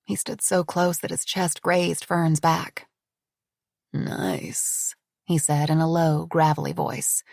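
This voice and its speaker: A woman narrating an audiobook in a measured, descriptive reading. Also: deep voice, flat delivery, gravelly, darkish tone, no echo, clean studio sound. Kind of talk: scripted narration.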